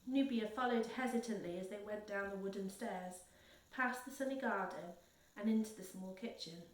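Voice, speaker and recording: A woman reads a children's book aloud in a steady, careful way, with a middle pitch. Her voice sits a little back from the mic in a roomy space. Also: normal speed, far from the mic. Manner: steady and careful, with small slips she corrects. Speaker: reader. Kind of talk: reading a children's novel aloud.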